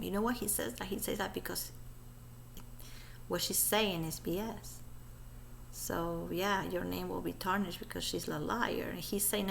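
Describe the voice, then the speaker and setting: Low, gravelly woman commenting casually. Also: fairly even intonation, moderate pace, slight background noise. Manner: chatty, gossipy asides. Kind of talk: casual commentary over a played recording.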